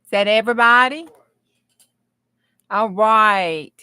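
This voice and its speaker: Lady crafter chatting on her live stream, slow easy drawl, laughs a lot, gets all excited. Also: medium pitch, smooth, no room sound, studio quality. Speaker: craft livestream host. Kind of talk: casual livestream chat.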